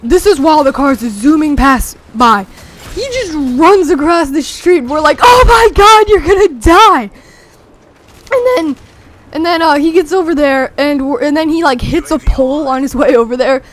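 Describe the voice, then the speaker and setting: A young teenager rambling excitedly through a story with many fillers, talking over gameplay. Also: sits high, moderate pace. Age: young teen. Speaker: gameplay commentator.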